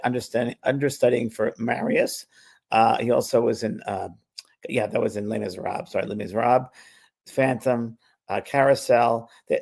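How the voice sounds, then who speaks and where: A man's voice: medium pitch, gravelly. A man hosting a spiritual talk show, chatting casually and rambling a little, with frequent restarts. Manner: rambling, restarts often, laughs while talking. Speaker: host, medium. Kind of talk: casual chat.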